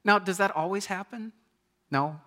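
A man in his thirties preaching a sermon in a conversational, animated storytelling way, often repeating his words. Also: high-pitched, normal speed.

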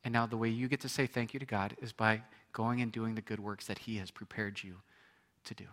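A man's voice: lowish voice, flat delivery, a little fast, fairly bright tone. A man preaching a sermon as pastor, conversational, with repetitions and asides to the congregation.

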